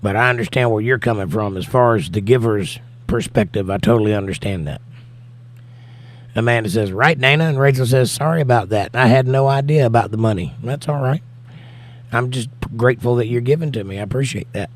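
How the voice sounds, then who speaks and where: A man's voice: mid-range voice, brisk. An American man hosting a casual livestream, reading viewer comments aloud and answering them, tired from no sleep. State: tired, has not slept. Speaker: livestream host reading chat.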